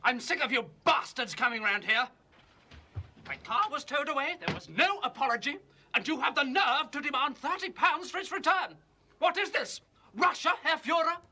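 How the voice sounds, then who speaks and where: Brief: frustrated writer crank; high, piercing tone; stammers, rants. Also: male voice, expressive, moderate pace, pauses often, pushed and bright, slight background noise, exaggerated voice. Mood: ranting. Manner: stammering, ranting. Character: bitter stammering male writer, anti-police crank. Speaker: aspiring writer.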